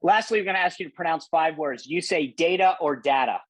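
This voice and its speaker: A middle-aged man hosting a casual podcast interview, animated, laughing often and restarting his sentences. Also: fairly high pitch, fast, husky, no room sound. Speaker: podcast host. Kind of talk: casual interview with rapid-fire questions.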